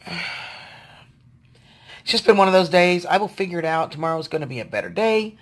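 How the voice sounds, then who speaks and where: A woman's voice: on the low side, lively intonation, a little fast. Tired, frustrated woman venting. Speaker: vlogger. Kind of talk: casual personal video diary.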